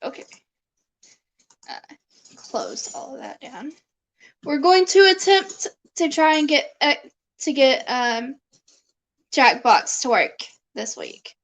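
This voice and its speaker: A woman's voice: high-pitched, lively intonation, takes it slowly, long pauses, a bit bright, rough recording. A young woman streaming live, chatting casually with her viewers and her dog and laughing often.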